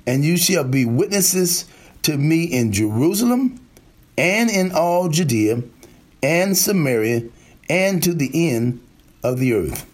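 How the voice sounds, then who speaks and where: A man preaching a sermon, slow and emphatic, repeating key lines for effect. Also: on the high side, sing-song, a little mellow.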